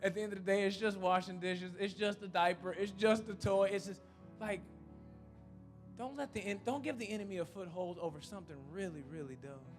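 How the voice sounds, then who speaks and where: A man's voice: sits high, fairly quick, music in the background. A man preaching a sermon in a church, telling a humorous story and then making an earnest, repetitive appeal. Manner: repetitive and emphatic. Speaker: pastor.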